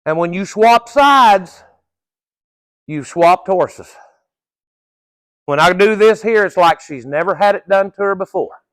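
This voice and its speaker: During a live horse training session, a middle-aged man gives instruction in a folksy, plain-spoken way, with the odd casual curse. His fairly high voice is expressive and measured, with long pauses, and the sound is dry and close with little echo.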